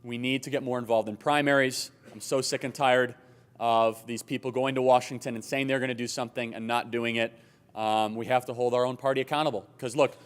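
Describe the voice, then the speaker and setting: Emphatic male conference speaker. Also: medium pitch. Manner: emphatic, brisk and persuasive. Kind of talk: political speech with audience Q&A. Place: hotel conference hall.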